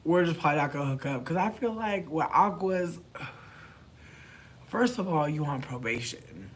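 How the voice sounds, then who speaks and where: A man chatting casually to camera, animated and profane, swinging from loud outbursts to mumbled asides. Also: a little high, normal speed, slightly rough. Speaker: vlogger.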